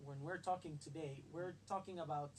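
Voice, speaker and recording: A man's voice: fairly high pitch, fairly even intonation, moderate pace, slight background noise, poor audio. A man speaking on a radio talk show panel, explaining carefully and measuredly with some hesitant fillers. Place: radio studio.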